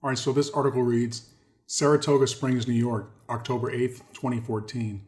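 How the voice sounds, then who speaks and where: A man reads passages aloud and breaks in with his own commentary. His pitch sits in an ordinary middle range for a man. He leans hard on key words, repeats them for weight and keeps calling his viewers folks. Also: flat delivery, normal speed, a little mellow. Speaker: host. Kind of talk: commentary reading articles aloud.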